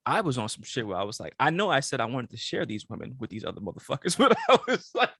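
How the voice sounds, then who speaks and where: A man's voice: medium pitch, huge pitch swings, fast talker, a bit bright, husky, no echo, studio quality. A young man co-hosting a podcast, telling stories in casual slang-filled chat and laughing often. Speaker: podcast co-host.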